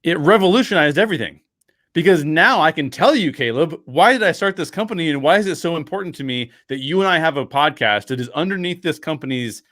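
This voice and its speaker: Animated male storyteller, dry close sound. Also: fairly high pitch, fast talker, dry recording. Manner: animated storyteller, acts out quoted dialogue; many fillers and restarts, frequent laughs. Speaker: podcast guest, writer. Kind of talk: casual interview storytelling.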